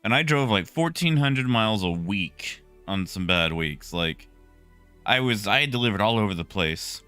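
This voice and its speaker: A young man casually chatting with his stream viewers, relaxed and talkative, greeting people by name. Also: on the low side, normal speed, clean tone, faint music behind. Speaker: livestreamer.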